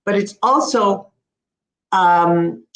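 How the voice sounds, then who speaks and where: A woman with an Ontario Canadian accent explaining pronunciation in a casual chat, slowly demonstrating words. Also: mid-range voice, reverberant. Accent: Ontario Canadian English. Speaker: speech-language pathologist guest.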